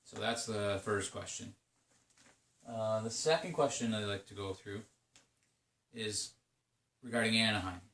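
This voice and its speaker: A man's voice: fairly low pitch, unhurried, long pauses, fairly bright tone, reverberant, far from the mic. A man talking through his league's trade-deadline day in a rambling, casual solo commentary, full of fillers and restarts. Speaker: video game league commentator.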